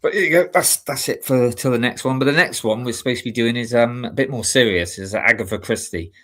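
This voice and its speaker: A man's voice: mid-range voice, a little fast, fairly bright tone. A man from the UK hosting a live stream show, chatting casually and rambling with many fillers and restarts. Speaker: show host and amateur stage actor. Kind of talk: casual chat.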